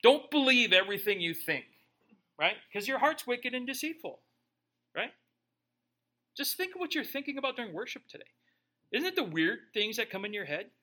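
A man's voice: extremely high pitch, very animated, normal speed, pauses often, pushed and bright. A man preaching a sermon in a loose, joking, conversational way, often tagging lines with "right?". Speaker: pastor.

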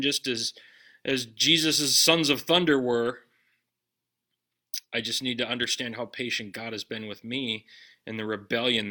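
Bright-voiced man preaching a sermon. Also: medium pitch. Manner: conversational preaching, direct questions to listeners. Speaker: pastor.

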